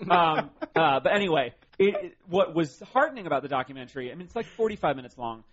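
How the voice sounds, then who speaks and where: A man's voice: fairly high pitch, lively intonation, quick pace, few pauses, crowd noise. A man talking casually as a radio co-host, wry and irreverent, with the odd curse. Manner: wry, irreverent, swears freely. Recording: slightly dull broadcast audio.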